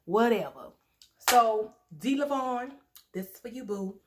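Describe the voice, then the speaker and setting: A woman hosts an eating vlog, chatty and playful. Her voice sits a little high, and she laughs easily between bites. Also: expressive, unhurried, background noise. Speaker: mukbang vlogger. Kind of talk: casual chat while eating.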